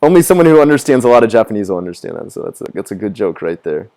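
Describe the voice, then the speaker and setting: Rambling, swearing man with lively pitch. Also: racing. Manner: rambling, profane, laughing at his own jokes, mimicking others in high voices. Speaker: gaming streamer. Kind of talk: casual live-stream chat. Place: living in Japan.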